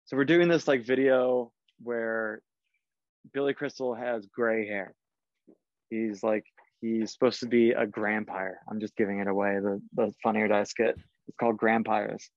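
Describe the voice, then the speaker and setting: A man's voice: fairly low pitch, fairly even intonation, normal speed, no echo, dull audio. A man telling a long casual story as a podcast guest, rambling and swearing, with many fillers. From Southern California. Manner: rambling, profane, lots of fillers.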